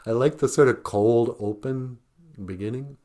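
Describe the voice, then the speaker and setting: A man's voice: medium pitch, measured pace, mellow. A man from Minnesota, hosting a show in a casual joking monologue, rambling and chuckling often. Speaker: show host.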